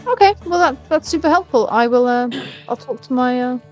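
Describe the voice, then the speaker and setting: Woman player, bubbly, chatty, fairly high, lively pitch. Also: brisk, faint music behind. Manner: bubbly, chatty, laughs often. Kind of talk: tabletop game play.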